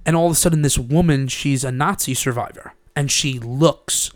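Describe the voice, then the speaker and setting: A man's voice: mid-range voice, moderate pace, no echo. A young man co-hosting a casual podcast chat, telling rambling, profane stories with laughs into a studio mic. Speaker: podcast co-host.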